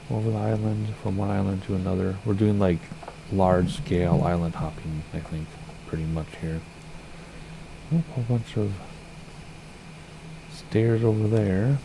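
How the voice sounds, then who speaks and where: Low gravelly man chatting through a flight sim. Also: noisy background. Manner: chatty, rambling, self-correcting. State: slightly hoarse. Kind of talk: casual gameplay commentary.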